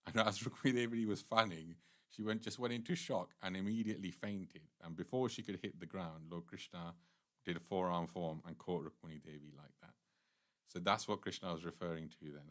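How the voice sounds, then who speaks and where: A man's voice: low-pitched, moderate pace, a bit bright. A man giving a devotional temple class, earnestly retelling scripture stories at length.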